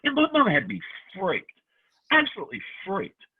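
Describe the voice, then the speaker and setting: A man co-hosts a casual chat, telling lively stories and slipping into the voices of the people in them. His voice has a husky grain. It comes through tinny, like a phone line. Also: sits high, normal speed. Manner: animated storyteller acting out quoted voices. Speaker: podcast co-host.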